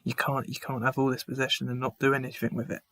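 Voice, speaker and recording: A man hosts a live football watchalong stream, commenting on the match, chatting with viewers in the chat by name, sighing often and restarting phrases. His mid-range voice is level in tone, a bit bright, and fast, with no echo.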